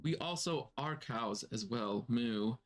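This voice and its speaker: A man's voice: mid-range voice, slow, close to an everyday voice. A man voicing a polite, nervous cow-folk creature who moos between his words, with tavern music playing behind. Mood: wary, polite. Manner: mooing between phrases, questioning.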